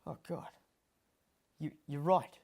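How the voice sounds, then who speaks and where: A man's voice: a little high, fairly even intonation, takes it slowly, vocal fry, darkish tone, exaggerated voice. A man playing a flustered talk show host who stammers and turns defensive in a comedy sketch.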